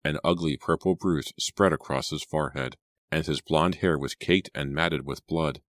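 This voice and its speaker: A man narrating a horror audiobook in a measured, suspenseful read on a close mic. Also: very deep voice, no echo.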